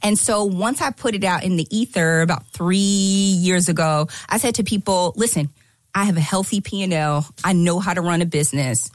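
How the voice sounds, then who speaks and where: A woman guest on a podcast telling a story, animated and emphatic, acting out the lines she quotes. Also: lowish voice, normal speed, dry recording. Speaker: guest entrepreneur.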